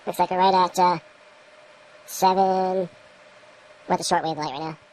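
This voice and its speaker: A woman with a fairly low, steady, darkish voice talks at a normal speed in a casual instructional vlog. Working in her indoor grow room, she shows light readings, rambling to the camera and muttering at her equipment over a rough recording.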